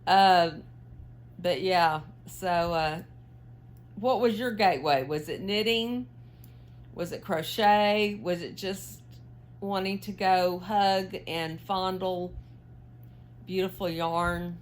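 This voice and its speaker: Slow-talking chatty woman knitting. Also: lowish voice. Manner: chatty, many fillers, asks viewers questions. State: yawning, tired. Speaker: knitting vlogger. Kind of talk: casual chat while knitting.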